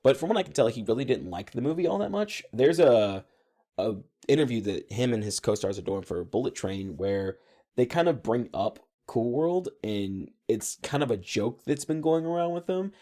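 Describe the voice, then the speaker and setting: A young man co-hosting a podcast, chatting casually and laying out facts in a relaxed way. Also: mid-range voice, moderate pace. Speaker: podcast co-host. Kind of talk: casual chat.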